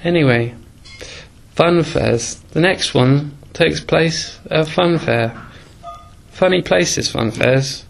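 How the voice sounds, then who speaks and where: A man raps rhymed dream stories over loud music and muses hesitantly between the verses. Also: on the high side, slow, gravelly. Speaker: comic rapper. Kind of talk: rapping dream stories in rhyme with chatty asides.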